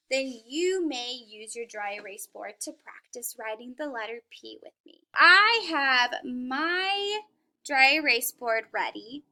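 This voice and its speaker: Slow, bright-voiced woman teaching phonics. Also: high-pitched. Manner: slow, patient, encouraging teacher talk. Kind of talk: phonics lesson for young children.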